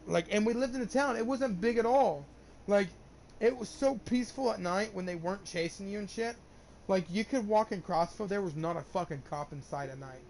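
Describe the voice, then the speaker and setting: A man's voice: sits high, creaky, a little mellow, slight background noise. A young man telling a long personal story in casual chat, rambling and swearing often, with lots of restarts. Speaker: gamer streamer.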